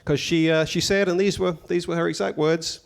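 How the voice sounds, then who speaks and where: Deadpan stand-up comedian. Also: male voice, on the high side, fairly quick, creaky. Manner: deadpan, mock-pompous storytelling with dry asides.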